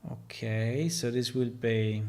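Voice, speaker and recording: A man who is not a native English speaker, a game developer thinking aloud while he works, halting and full of fillers. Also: medium pitch, steady tone, gravelly, darkish tone. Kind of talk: casual livestream while working on a game.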